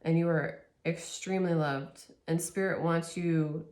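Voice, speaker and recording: A woman's voice: low voice, steady tone, a little slow, a little mellow. A woman giving a spiritual tarot reading to camera, earnest and emotional, laughing often and rambling with restarts. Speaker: tarot reader.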